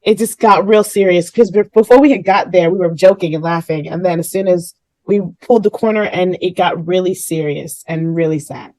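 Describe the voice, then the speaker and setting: A woman's voice: fairly low pitch, fairly quick, darkish tone, dry recording, rough recording. A woman hosting a casual podcast conversation, candidly and emotionally telling a personal story. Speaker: podcast host.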